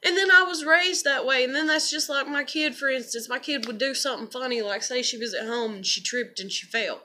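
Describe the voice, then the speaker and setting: A woman talking in a casual monologue with a high, bright voice. She rambles candidly about her life and swears freely. Her voice is lifted and sharp-edged throughout. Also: fairly quick. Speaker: vlogger and mother.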